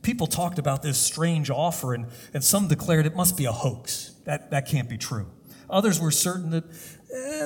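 A man preaching a sermon, telling a story deliberately, with pauses and hesitations. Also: mid-range voice, darkish tone, slightly rough. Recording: long hall reverb.

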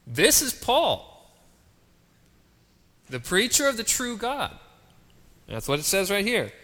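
A man's voice: high voice, wildly swooping pitch, takes it slowly, bright, forceful tone. A man preaching a sermon, dramatic and full of rhetorical questions to the congregation. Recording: long reverb of a large hall.

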